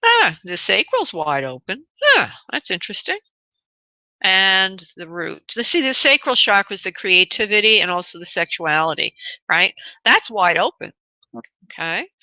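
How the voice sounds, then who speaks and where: Bright, higher woman radio host, chatty medium, dry sound. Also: big pitch swings, normal speed, dry recording, poor audio. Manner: chatty, affectionate, laughs often. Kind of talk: call-in radio readings.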